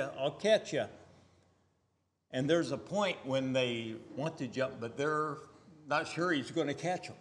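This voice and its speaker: A man preaching a sermon, emphatic, swinging from loud stressed lines to quiet asides. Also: medium pitch, long reverb tail, slight background noise.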